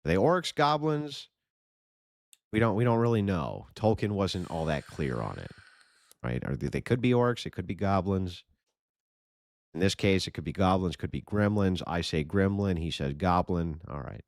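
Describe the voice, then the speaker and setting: Low gravelly sarcastic man. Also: animated, normal speed, no echo, clean studio sound. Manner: sarcastic, mocking. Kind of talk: casual commentary chat.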